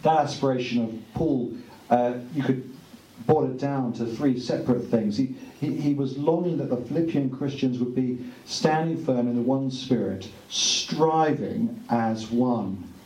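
A man giving an earnest, conversational speech at a book launch, pausing with fillers. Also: medium pitch, a little mellow, highs cut off. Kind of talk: informal speech to an audience. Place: room at a book launch event. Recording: echoey room, distant mic, faint ambience.

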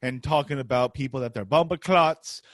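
A man's voice: medium pitch, normal speed, no echo, lightly acted. A man putting on the voice of an exasperated famous father lecturing his grown son with mock patience. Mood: scolding.

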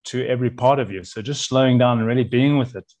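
A man's voice: mid-range voice, fast, darkish tone. A man who is a chef, speaking as a podcast guest in an earnest, rambling way with frequent restarts. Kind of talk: casual conversational interview.

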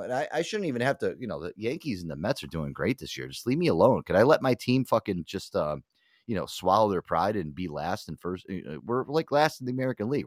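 Casting: low-voiced young male host, very expressive pitch, dry close-mic sound, swears a lot. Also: no echo. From Connecticut. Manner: animated, swears a lot, acts out other voices. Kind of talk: casual chat.

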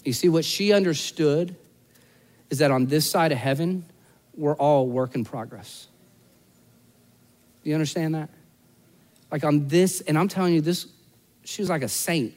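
A pastor delivers a sermon in a relaxed, chatty way, poking fun at himself as he tells a story. His voice sits high for a man. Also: normal speed, long pauses. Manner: conversational storytelling with self-deprecating humor.

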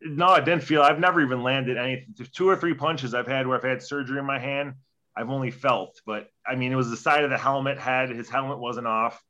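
A man's voice: mid-range voice, steady tone, brisk, bright, forceful tone, highs cut off. A young man, a former hockey player, telling a story in a casual interview, profane and rambling, acting out quoted dialogue.

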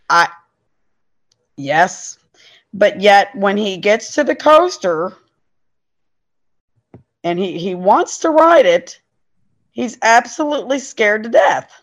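A woman's voice: medium pitch, very animated, slow pace, pauses often. A middle-aged woman, a podcast guest and parent, telling a story in an earnest, emphatic way. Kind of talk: casual storytelling. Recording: dull lo-fi sound.

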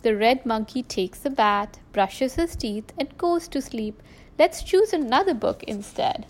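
A woman voicing an excited, insistent little girl piglet in a storybook reading. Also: on the high side, measured pace. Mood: eager.

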